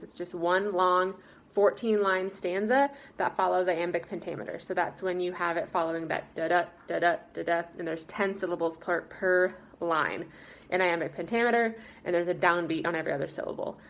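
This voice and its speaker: A young woman with an American accent teaching a class, upbeat and explaining step by step with frequent ums. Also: fairly low pitch. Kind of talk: recorded class lesson.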